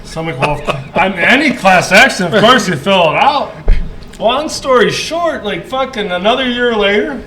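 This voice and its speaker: A man telling a profane, animated story in casual podcast chat, laughing often. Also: high voice, reverberant, slight background noise, low-quality recording. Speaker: podcast guest. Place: podcast studio.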